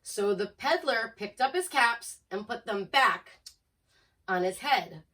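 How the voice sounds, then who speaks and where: Slow expressive woman reading picture book aloud. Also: on the high side. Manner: expressive, asks listeners questions. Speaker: storyteller.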